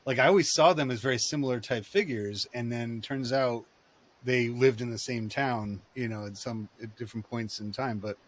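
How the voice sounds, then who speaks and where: Man on a podcast; rambling, digressive storyteller; mid-pitched, conversational delivery. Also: normal speed. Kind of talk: casual podcast chat.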